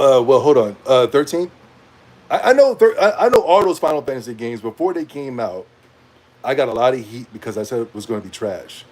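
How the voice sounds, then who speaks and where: A young man in a casual rant to camera as a gaming commentator, animated and rambling, with slang and frequent laughs. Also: mid-range voice.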